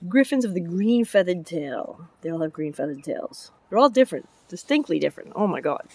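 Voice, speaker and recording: A woman's voice: on the low side, big pitch swings, fairly quick, dark tone, breathy edge. A woman vlogging in a casual rambling way, hopping between topics and chatting about her chickens and her job driving dump trucks. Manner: chatty, jumps between topics, laughs often. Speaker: vlogger and public works truck driver. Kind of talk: casual rambling vlog chat.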